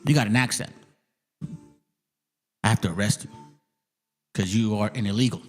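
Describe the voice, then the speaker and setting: A man's voice: on the low side, normal speed, soft background music. A man hosting his channel with heated, profane, mocking commentary on clips. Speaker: channel host.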